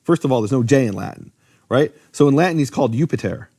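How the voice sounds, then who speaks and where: A man explaining at length in a relaxed, conversational way, often restarting his sentences and filling pauses with "um" and "uh". His pitch sits in a middling range. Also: gravelly, husky. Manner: lively, many fillers and restarts. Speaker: Bible teacher. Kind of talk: casual explanatory talk.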